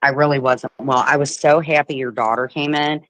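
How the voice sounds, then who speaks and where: A woman hosting a casual livestream chat, telling animated stories, swearing freely and mimicking the people she talks about. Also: very deep voice, moderate pace, no echo, poor audio. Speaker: livestream host.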